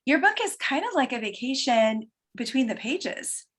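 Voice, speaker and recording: A woman's voice: high-pitched, big pitch swings, normal speed, a bit bright, husky. Chatty woman hosting a book talk. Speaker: host. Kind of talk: casual interview chat.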